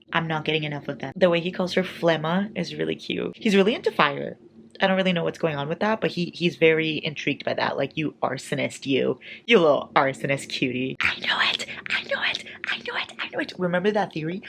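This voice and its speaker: A young woman chats through a casual reading vlog in a low voice, swinging from near-whispers to loud outbursts. A faint hiss of noise sits behind her. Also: creaky. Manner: dramatic and animated, swings from whispers to exclamations. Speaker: book vlogger.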